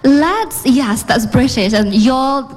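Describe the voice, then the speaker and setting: A woman co-hosting a live English class, speaking in a gentle, encouraging way. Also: high-pitched, unhurried.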